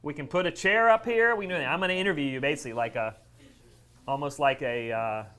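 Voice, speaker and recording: A middle-aged man telling stories to a live audience at a care event, animated, jumping up in pitch when he quotes people. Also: quick pace, clean tone. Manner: lively storyteller, voices quotes with big pitch jumps. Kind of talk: storytelling talk to a live audience. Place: event room near train tracks.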